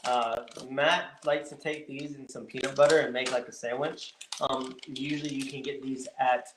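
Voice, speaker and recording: A man co-hosting a food vlog, talking in a relaxed way with lots of ums and uhs. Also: medium pitch, moderate pace. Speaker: co-host of keto vlog. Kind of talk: casual chat. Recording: echoey room with faint noise.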